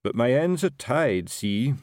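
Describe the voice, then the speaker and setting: A man's voice: medium pitch, sing-song, slow, a little mellow, no echo, studio quality, voice pushed up. A man voicing a blustering, self-important middle-aged sergeant in an audiobook, with a raised, wheedling voice. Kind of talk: audiobook character voice.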